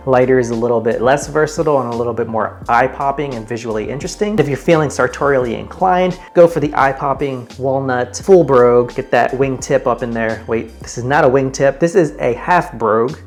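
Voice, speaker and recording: A man hosting a men's style vlog, explaining in a chatty, informal way as he shows items to the camera. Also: medium pitch. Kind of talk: casual presenting to camera.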